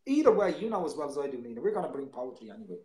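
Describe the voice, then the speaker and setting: A man's voice: mid-range voice, very animated, rapid-fire, a little mellow, reverberant, rough recording. A man hosting a live poetry stream, chatting in a rambling way and often repeating and restarting his words. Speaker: host of a live poetry show. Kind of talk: casual live-stream chat.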